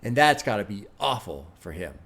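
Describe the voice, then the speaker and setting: A man's voice: lowish voice, very animated, normal speed, fairly bright tone. A man hosting a music reaction, talking through his thoughts in casual, reflective commentary. He swears often, and he is near tears. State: near tears, emotionally moved.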